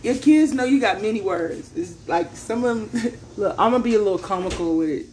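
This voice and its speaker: A woman's voice: medium pitch, expressive, a little fast, a little mellow, a little hiss or hum. A woman who is a mother, reading tarot in a loose, chatty way, laughing often and tossing in slangy asides. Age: adult parent. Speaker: tarot reader.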